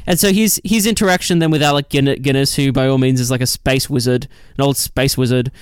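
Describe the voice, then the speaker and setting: A man's voice: medium pitch, steady tone, fairly quick, clear, resonant tone, no room sound, clean studio sound. A man co-hosting a casual film podcast, talking with enthusiasm and many fillers and restarts.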